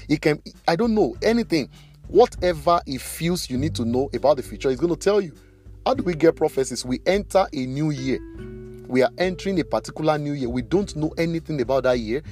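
A man's voice: mid-range voice, lively intonation, fast talker, darkish tone. Man preaching over faint guitar. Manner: retells Bible stories, acting out the speakers. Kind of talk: sermon. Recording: faint guitar music behind.

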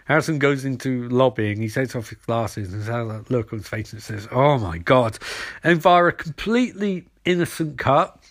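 A man's voice: medium pitch, fairly quick, fairly bright tone. A man giving a casual, irreverent comedic recap of a TV episode, rambling and swearing. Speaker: podcast host recapping a TV episode.

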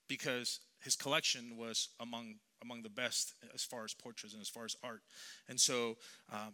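A man who is a youth pastor tells a sermon story in an earnest, conversational, halting way. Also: mid-range voice, bright, forceful tone.

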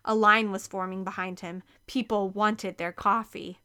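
A woman reading a children's novel aloud as narrator, expressive and clear. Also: medium pitch, a little slow. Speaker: audiobook reader.

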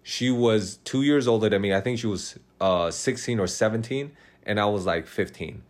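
A man's voice: fairly low pitch, normal speed. A young man in casual chat, rambling and cursing as he tells dating stories, laughing often. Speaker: podcast host telling dating stories.

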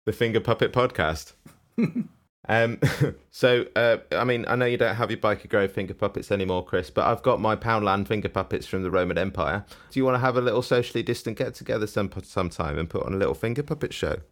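A man's voice: fairly low pitch, a little fast, fairly bright tone. A man co-hosting a comedy podcast, teasing and rambling, laughing often. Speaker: podcast co-host. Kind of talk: casual comedic podcast chat.

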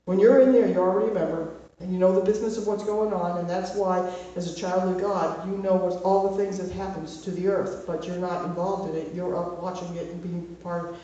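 A woman giving an informal Bible teaching. She speaks emphatically, asks rhetorical questions and slows down on key points. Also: on the low side, fairly even intonation, mellow, highs cut off. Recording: very echoey room, distant mic.

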